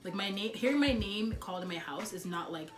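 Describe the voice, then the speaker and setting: A woman's voice: medium pitch, expressive, brisk. A woman hosting a casual sibling chat video, giggly and full of filler words. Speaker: vlog host. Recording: roomy with background music.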